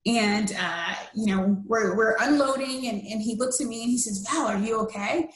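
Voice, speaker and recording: A woman's voice: a little high, steady tone, normal speed. A woman in her thirties from the United States, earnestly telling a personal story as a podcast interview guest, with many fillers and restarts. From USA. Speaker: interview guest, cancer survivor. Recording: roomy echo.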